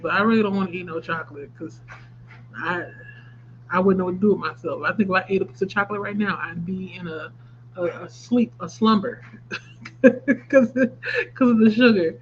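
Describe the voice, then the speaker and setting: A woman in her thirties talks through a craft livestream in an animated, chatty way, reacting to comments and laughing often. The audio is slightly dull and lo-fi, with a faint hum underneath. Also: on the low side, normal speed, pauses often. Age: 30s. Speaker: livestream host. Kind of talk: casual livestream chat reading viewer comments.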